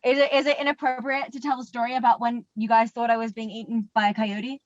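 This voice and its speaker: A woman's voice: on the high side, flat delivery, quick pace, no room sound, lo-fi sound. A young woman, an actor guest, telling a funny story with a playful, giggly manner in a casual interview.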